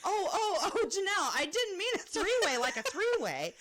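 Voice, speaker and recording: A woman's voice: extremely high pitch, sing-song, moderate pace, a bit bright, voice pushed up, exaggerated voice. A woman voicing an embarrassed man who stammers in a panic on a voicemail, half laughing as she reads it. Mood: panicked, mortified.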